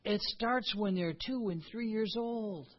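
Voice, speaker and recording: A man's voice: high-pitched, slow pace, highs cut off. A man preaching a sermon as a pastor, earnest and emphatic.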